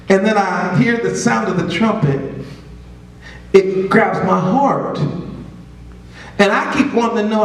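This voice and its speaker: A man preaching a sermon, calling out to the congregation and rising into shouts. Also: very high-pitched, distant mic. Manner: call-and-response preaching, swells to shouts. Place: congregation room. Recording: echoey room from off mic.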